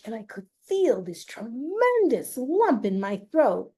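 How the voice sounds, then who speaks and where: A woman telling an emotional personal story, speaking haltingly with long pauses and emphasis. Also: a little high, big pitch swings, mellow, slightly rough.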